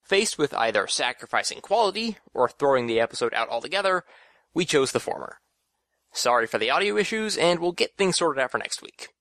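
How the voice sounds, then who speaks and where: A man's voice: fairly high pitch, very animated, brisk, fairly bright tone, no echo, clean studio sound. A man from Texas co-hosting a podcast, hesitant and stumbling over his words. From Houston, Texas. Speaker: podcast co-host. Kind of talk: casual podcast chat.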